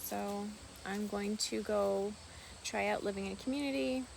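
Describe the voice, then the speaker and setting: A woman vlogging casually outdoors on a farm, talking softly and rambling fondly about her pet ducks. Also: mid-range voice, unhurried, gravelly, slight background noise. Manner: soft-spoken, meandering, affectionate toward her pets. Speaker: vlogger and duck keeper. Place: outdoors on a rural farm by water.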